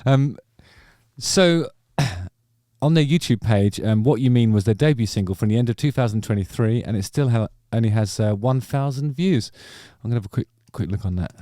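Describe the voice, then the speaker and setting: A man's voice: medium pitch, expressive, normal speed, mellow, no echo, studio quality. A man hosting a music channel, reacting to songs in a rambling, hesitant casual commentary full of ums.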